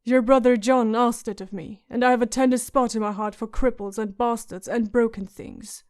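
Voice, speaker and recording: A woman's voice: fairly high pitch, fairly even intonation, normal speed, darkish tone, natural voice. A woman voicing a sardonic, witty dwarf lord who speaks in a dry, mocking way. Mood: wry.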